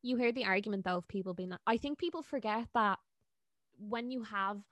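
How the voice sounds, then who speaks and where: A woman's voice: mid-range voice, fairly quick, a bit bright, no room sound. A young woman with an Irish accent, chatting casually and bluntly, swearing freely. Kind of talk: casual chat.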